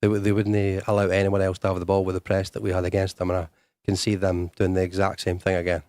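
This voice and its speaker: A man's voice: sits low, monotone, fast, a little mellow, dry recording. A man with a Scottish accent, a fan guest in a radio studio giving rambling football opinions. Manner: rambling, lots of "like" fillers.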